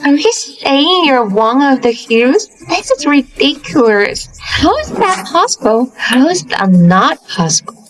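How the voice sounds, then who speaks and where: A scornful rich young mistress. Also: female voice, high voice, very animated, a little slow, poor audio. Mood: mocking. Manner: mocking, haughty. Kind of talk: English dub of a drama.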